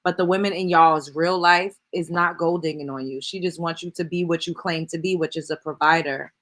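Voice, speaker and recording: A woman's voice: deep voice, fairly even intonation, fairly quick, fairly bright tone. A woman hosting a live stream, giving blunt, profane reaction commentary and laughing often. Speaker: show host.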